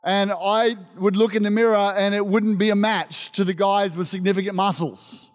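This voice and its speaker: A man preaching a sermon as pastor, animated and emphatic, calling out to his congregation. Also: high-pitched, normal speed. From Australia. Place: church service. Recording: long reverb of a church hall.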